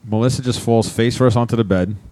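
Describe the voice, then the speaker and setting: A man's voice: medium pitch, fairly even intonation, a little fast, warm tone, a little hiss or hum. A young man co-hosting a podcast, telling a rowdy weekend story in casual, profane chat and laughing often. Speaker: podcast co-host.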